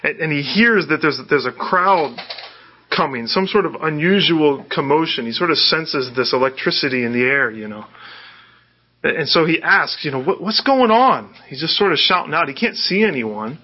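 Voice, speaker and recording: A man preaching a sermon, conversational and animated, often repeating his words as he goes. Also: a little high, normal speed, muffled recording. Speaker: pastor.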